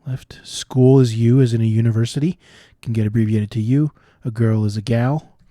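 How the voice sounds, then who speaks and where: Guy working thru crossword clues out loud, lowish mellow voice, explains as he goes, very dry sound. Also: fairly even intonation, moderate pace, dry recording. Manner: thinking aloud, explaining clues. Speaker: puzzle solver. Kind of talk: solving crosswords aloud.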